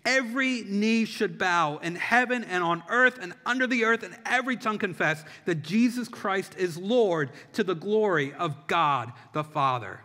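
A man's voice: high voice, lively intonation, normal speed, few pauses, sharp tone. A man preaching a sermon as a pastor, impassioned, with rhythmic repetition. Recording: long hall reverb.

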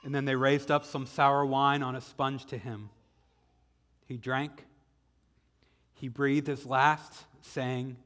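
Southern male pastor, medium pitch, sharp bright delivery, dramatic sermon storytelling, recorded in a reverberant church hall. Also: flat delivery. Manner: dramatic retelling, slowing for emphasis. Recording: echoey hall with long reverb.

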